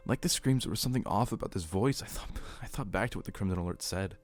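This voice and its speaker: A man reading a horror story aloud as narrator, steady and earnest. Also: on the low side, fast talker, hardly any pauses, faint music behind.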